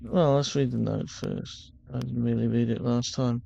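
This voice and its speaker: A gravelly-voiced man narrating his game. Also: medium pitch, normal speed, highs cut off, a little hiss or hum. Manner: relaxed, thinking aloud as he plays. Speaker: gaming channel host. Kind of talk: casual game playthrough commentary.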